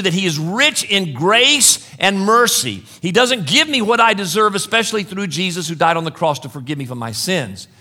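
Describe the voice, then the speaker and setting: A man's voice: high voice, bright, forceful tone. A middle-aged man preaching a sermon to a congregation, earnest and direct, often calling his listeners "folks". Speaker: pastor.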